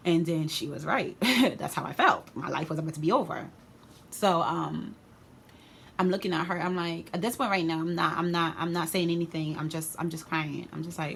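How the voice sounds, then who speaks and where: A young woman telling a personal story on her vlog in a casual, animated way, full of slang. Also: deep voice, moderate pace, creaky, a little hiss or hum. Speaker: vlogger.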